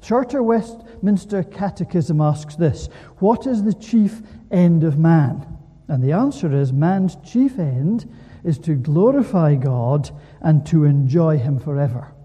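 Animated preacher in a reverberant hall. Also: male voice, on the high side, slow pace, slightly rough. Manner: animated preaching with rhetorical questions. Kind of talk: sermon.

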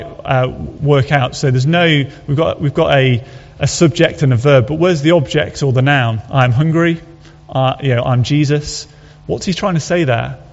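A man preaching a sermon, earnest and conversational, asking his listeners rhetorical questions. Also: a little high. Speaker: pastor. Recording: dull audio with long hall reverb.

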